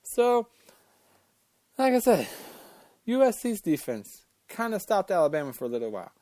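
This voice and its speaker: A man's voice: high-pitched, very animated, normal speed, warm tone, no room sound. A man hosting a casual sports talk show, ranting about college football rankings in an opinionated, fired-up way and cussing as he gets worked up.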